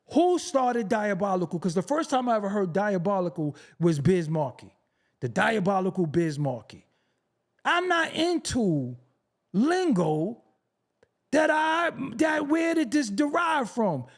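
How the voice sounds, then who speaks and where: A man with a New York accent rants to his stream audience, mocking and profane. His delivery is unhurried, with pitch that swings widely as he fires off rhetorical questions. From Brooklyn, New York City. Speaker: show host. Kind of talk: unscripted rant to a live stream audience.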